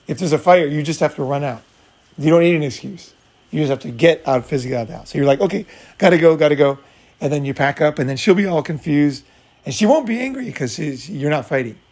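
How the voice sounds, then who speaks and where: Gravelly, animated man coaching on dating. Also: on the high side. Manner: animated, acts out both sides, blunt and profane. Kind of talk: casual talk with acted-out scenes.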